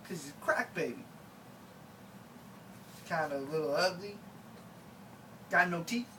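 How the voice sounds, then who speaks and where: A man's voice: on the high side, animated, measured pace, far from the mic, background noise. A man performing a rambling, mock-sorrowful comic monologue. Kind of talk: comedic character monologue.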